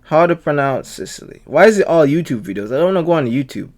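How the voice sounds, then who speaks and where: A man reacts to a clip in loose, chatty bursts, full of slangy asides. His voice sits a touch high and swings up and down a lot as he talks. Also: big pitch swings, quick pace. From Jamaica. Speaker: video reactor. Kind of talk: casual reaction commentary.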